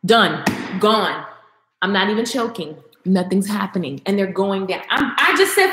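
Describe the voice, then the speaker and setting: A woman's voice: fairly high pitch, expressive, brisk, fairly bright tone, roomy sound, a little hiss or hum. A woman vlogger giving a passionate, emphatic motivational talk straight to her viewers, repeating phrases for emphasis.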